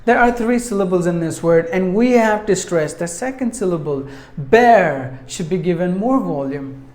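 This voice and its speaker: Male pronunciation teacher, slow and methodical, drills words syllable by syllable in a roomy, echoing space. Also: high-pitched, a little mellow. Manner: deliberate, repeats each word and breaks it into syllables. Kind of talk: pronunciation lesson. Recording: echoey room.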